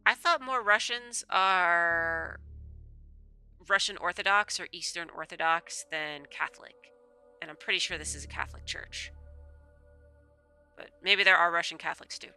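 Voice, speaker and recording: Woman streamer, casual game commentary with rambling asides; very bright, lowish pitch, faint music under. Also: moderate pace, long pauses, clear, resonant tone. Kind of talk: casual game commentary, reading the game's text aloud.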